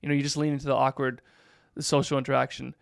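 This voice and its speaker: A man in his thirties, a pastor, telling a story in a relaxed chat with plenty of fillers. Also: mid-range voice, quick pace, vocal fry, smooth, dry recording, clean studio sound. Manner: animated storyteller, many fillers. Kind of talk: casual podcast storytelling.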